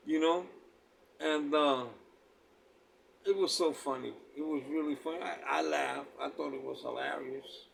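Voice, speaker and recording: Gravelly New man telling stories. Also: on the high side, slight background noise. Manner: laid-back street talk, laughs at his own story, peppered with "man" and "you know". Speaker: storyteller. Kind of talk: casual spoken storytelling. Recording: voice picked up from a distance.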